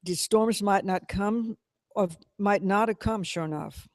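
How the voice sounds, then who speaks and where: A man's voice: sits high, unhurried, no echo, studio quality. A man voicing a tired young Southern woman who speaks in soothing dialect. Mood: weary.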